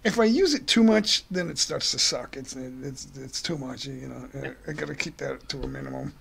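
A man's voice: medium pitch, moderate pace, vocal fry, fairly bright tone, slightly rough. A man hosting a casual livestream chat, giving blunt, grumbling opinions. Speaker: livestream host.

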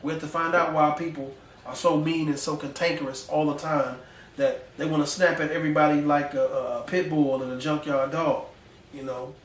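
A pastor gives a sermon in a church sanctuary, his voice a little high for a man and climbing as he gets animated, at a moderate pace. His talk is folksy and full of slang. The recording is echoey and distant, with a faint room hum underneath.

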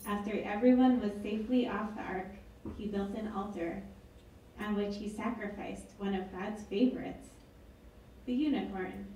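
A woman's voice: medium pitch, steady tone, moderate pace, dark tone, far from the mic, a little hiss or hum. A woman author reading her book aloud at an event, with wry, chatty asides. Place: event hall. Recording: echoey hall, mic from afar.

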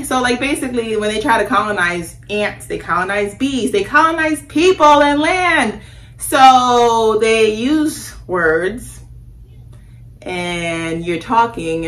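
A woman's voice: medium pitch, moderate pace, a bit bright. Chatty woman vlogging in a roomy space. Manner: rambling, chatty, self-correcting. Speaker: spiritual vlogger. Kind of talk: casual monologue to camera. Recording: roomy echo, faint background hiss.

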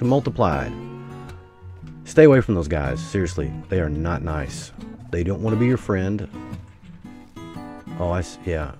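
A man from the US giving casual, rambling gameplay commentary as a gaming YouTuber, swinging between excitement and grumbling. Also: low voice, normal speed, long pauses, music in the background.

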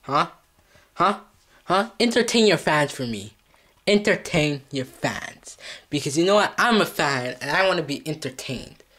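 A man's voice: on the high side, animated, measured pace, sharp tone. Profane, taunting male vlogger. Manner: profane, mock-threatening, repeats taunts. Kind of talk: comedic scolding skit.

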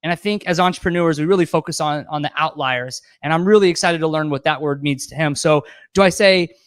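A man's voice: fairly high pitch, fairly quick, clear, resonant tone, no echo. A man hosting a speaker series, introducing his guest in a chatty, enthusiastic way. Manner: chatty, enthusiastic, laughs between remarks. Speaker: event host.

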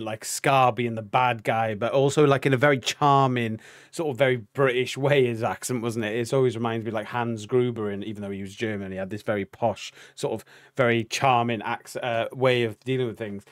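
A man's voice: medium pitch, no echo. Rambling man, dry close sound. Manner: rambling, full of fillers, admiring. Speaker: reaction video co-host. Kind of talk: casual chat.

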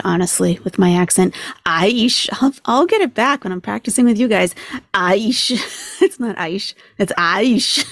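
Chatty, sarcastic woman with gravelly edge. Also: on the low side, dry recording. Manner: chatty, sarcastic, talks numbers through aloud. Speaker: commentary channel host. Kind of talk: casual commentary on a video.

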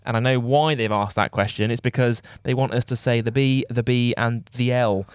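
A man's voice: medium pitch, steady tone, clean tone, dry recording, clean studio sound. A British man hosting a sports podcast, joking around and laughing often. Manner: jokey, laughs often, quick. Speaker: podcast host. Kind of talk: casual chat.

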